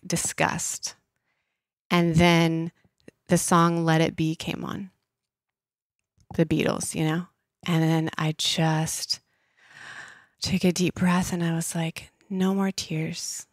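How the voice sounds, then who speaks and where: A woman in her thirties shares a deeply personal story as a podcast guest. Her voice sits a little low and sounds dry and close. She leans on "like" and sometimes drops into a soft hush. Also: no room sound. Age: 30s. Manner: emotional, frequent "like" fillers, soft hushed inner voice at times.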